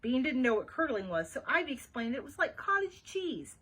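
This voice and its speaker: Animated woman reading a children's book aloud. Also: sits high, a little fast, husky, low-quality recording. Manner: animated, chatty asides to young listeners. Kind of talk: children's read-aloud with asides.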